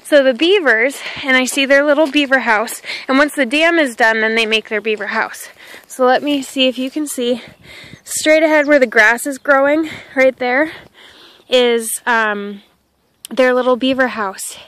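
Vlogger: high-pitched Midwestern woman, rambling and chatty, recorded outdoors on a phone. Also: a little slow, fairly bright tone, low-quality recording. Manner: chatty and rambling, talks to her dog. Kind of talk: casual walking vlog. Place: outdoors on a country path. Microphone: handheld phone camera.

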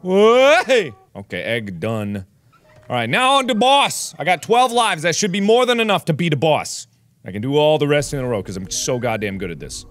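A man commenting on a video game as he plays it, loud and exasperated, swearing freely and breaking into sudden yells. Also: on the high side, sing-song, moderate pace, faint music behind. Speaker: let's play host.

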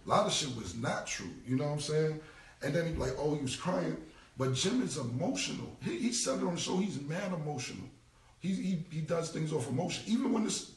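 A blunt, slangy man of forty with a gravelly, fairly high voice, answering in a casual interview. He repeats his points plainly. He sits well back from the mic in a roomy, echoing space. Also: recorded from a distance. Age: 40s. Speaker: interview guest.

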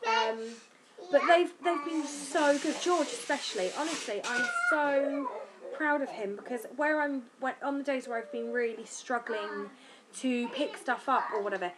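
A young British woman with an English accent chatting casually to camera about family life, lively and a bit tired. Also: high-pitched, moderate pace, background noise. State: tired from lack of sleep. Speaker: vlogger.

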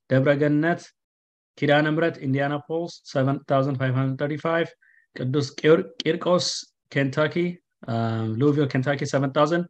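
A man's voice: fairly high pitch, highs cut off. A man reading out donation totals for a fundraiser, listing figures with frequent fillers and restarts. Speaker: fundraiser announcer.

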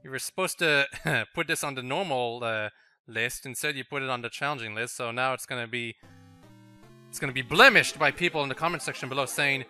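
A man's voice: mid-range voice, brisk, bright, forceful tone, clean tone, faint music behind. A man with a French accent hosting a game video, chatting and laughing through casual let's-play commentary aimed at the level maker. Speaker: gaming channel host.

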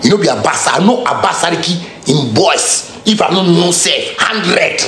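A man's voice: on the high side, expressive, moderate pace, fairly bright tone, roomy sound, slight background noise. A man with a Ghanaian Pidgin English accent delivering a heated, confrontational rant full of street slang and repeated phrases. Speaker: musician. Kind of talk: angry direct-to-camera rant.

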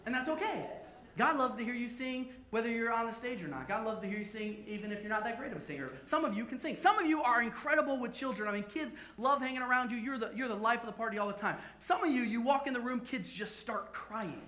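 Bright, high-voiced man preaching with humor. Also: expressive, fast talker. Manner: playful, joking with the congregation. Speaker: pastor. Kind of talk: sermon. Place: church sanctuary. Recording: echoey church sanctuary.

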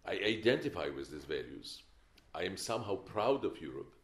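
A man's voice: sits low, big pitch swings, moderate pace. An older man giving a film masterclass, opinionated and emphatic, with wry stories. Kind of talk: masterclass lecture. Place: lecture hall. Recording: echoey lecture hall.

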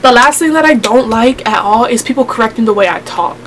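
A sassy teenage girl vlogging about her pet peeves, rambling and getting fired up as she goes. Her voice sits a little on the high side. A faint hiss of noise runs under the recording. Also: fairly bright tone, rough recording. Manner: sassy, rambling, quick to get worked up. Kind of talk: casual rant to camera.

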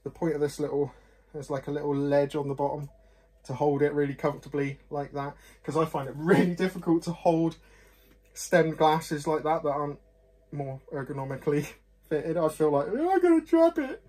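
Husky chatty man. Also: on the high side, level tone, normal speed, darkish tone. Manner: chatty, self-deprecating, rambling with frequent apologies. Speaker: whisky reviewer. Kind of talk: casual chat to camera.

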